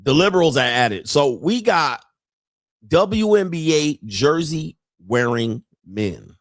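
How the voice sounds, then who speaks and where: A man's voice: fairly high pitch, expressive, slow, no room sound, studio quality. A man hosting a casual commentary show, reacting to clips in a profane, mocking way and laughing often. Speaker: host.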